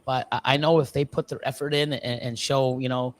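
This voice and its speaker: A man on a livestream, a snake breeder, telling stories with lots of swearing and quick voiced quotes of other people. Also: medium pitch, level tone. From Canada. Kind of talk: casual livestream chat.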